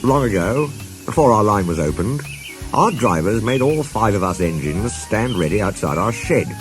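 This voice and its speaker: A man voicing a small, modest male mountain engine who talks gently and earnestly. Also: fairly low pitch, expressive, moderate pace, music in the background, close to an everyday voice. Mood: gentle.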